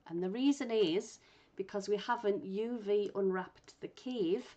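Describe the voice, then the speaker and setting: Patient woman talking through a software tutorial. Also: mid-range voice, unhurried. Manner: patient, thinks aloud while working. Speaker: instructor. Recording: muffled lo-fi recording.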